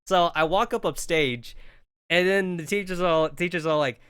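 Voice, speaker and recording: A man's voice: high voice, normal speed, fairly bright tone, smooth, no room sound. A man in his thirties telling a rambling, profane story on a game stream, full of "like" and acted-out quotes. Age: 30s.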